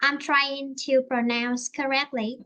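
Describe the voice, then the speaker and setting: A woman with a Vietnamese accent teaches English in a relaxed lesson chat. Her voice sits high and sounds bright. She hesitates often and fills the gaps while she searches for the right words. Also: slow. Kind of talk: online English lesson conversation.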